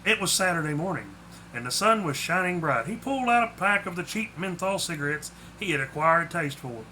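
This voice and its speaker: A man's voice: fairly high pitch, lively intonation, a little fast, bright, forceful tone, a little hiss or hum, low-quality recording. A man reading aloud his own short story, with small slips. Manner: plainly spoken with small slips. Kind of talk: storybook narration.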